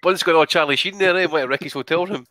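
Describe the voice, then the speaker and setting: A man's voice: on the high side, fast talker, a loud crowd. A man on a casual podcast panel, jokey and teasing in the banter.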